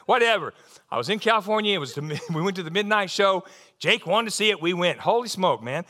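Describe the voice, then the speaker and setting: Speaking a little high and at a quick pace, a middle-aged man preaches with a folksy, lively storytelling manner. Every so often he builds into excited outbursts.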